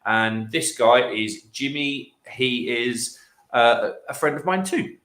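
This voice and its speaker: A man's voice: medium pitch, takes it slowly, fairly bright tone, reverberant. A man hosting a casual late-night livestream, reading viewer comments aloud and laughing often. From England. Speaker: livestream host. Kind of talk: casual chat reading out live chat.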